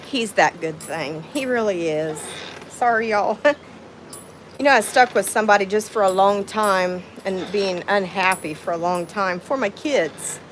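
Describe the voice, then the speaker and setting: A woman's voice: medium pitch, unhurried, a little hiss or hum. A middle-aged woman with a Southern drawl chatting on her first livestream from home, nervous and thanking viewers by name as she reads their comments. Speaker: livestream host. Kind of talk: casual livestream chat reading comments. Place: home, near a window with birds outside.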